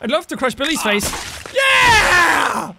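A man giving loud, excitable let's-play commentary, shouting, swearing and joking as he plays. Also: very high voice, slow pace, vocal fry. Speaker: gaming video host. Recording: noisy recording.

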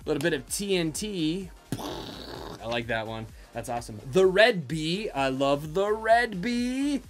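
A woman hosting her own channel, opening fan mail and artwork from viewers, bubbly and quick to exclaim, her voice leaping up in pitch when she is surprised. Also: very animated, faint music behind. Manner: bubbly, exclaims often, jumps high in pitch. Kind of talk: excited casual vlog.

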